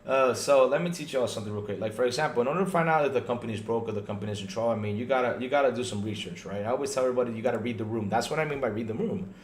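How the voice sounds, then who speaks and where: A man hosting a casual gaming podcast stream, animated and talking straight to his viewers, often checking in with "right?". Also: medium pitch, racing, echoey room, slight background noise. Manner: animated, talks to chat viewers, lots of "right?" and restarts. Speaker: podcast host. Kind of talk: casual livestream podcast chat.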